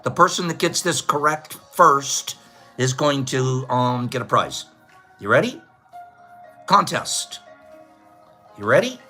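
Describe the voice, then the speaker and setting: A man's voice: medium pitch, animated, slow, pauses often, bright, forceful tone, soft background music. A man hosting a casual livestream trivia contest, chatting with viewers, joking and laughing at his own jokes.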